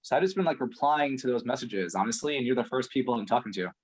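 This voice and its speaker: A man's voice: medium pitch, animated, fast talker, slightly rough. A man playing a frustrated prospect in a sales call role-play, ranting and swearing heavily. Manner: ranting, profane, exasperated.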